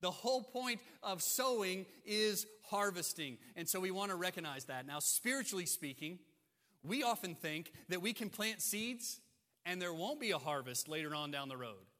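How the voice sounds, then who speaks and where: A man's voice: sits high, lively intonation, moderate pace, sharp tone. A man preaching a sermon as pastor, emphatic and repeating key phrases for emphasis. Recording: long hall reverb.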